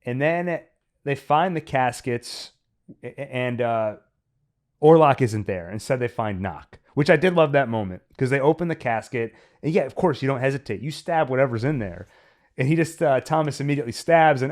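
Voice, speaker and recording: A podcast host with a medium-pitched, expressive voice speaks at a moderate pace. He reviews a film in casual conversation, analyzing it as he thinks aloud.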